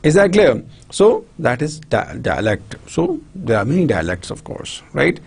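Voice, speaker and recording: A man's voice: on the high side, huge pitch swings, unhurried, gravelly, darkish tone, slightly rough. A man from Pakistan with a Pakistani English accent, giving a recorded university lecture, repeating himself and often checking that students follow. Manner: repetitive, checks understanding often, many restarts.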